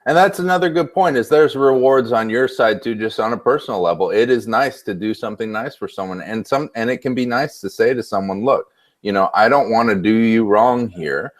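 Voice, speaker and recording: A man's voice: mid-range voice, brisk. A man hosting a casual interview, easygoing and affirming, laughing often. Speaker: host.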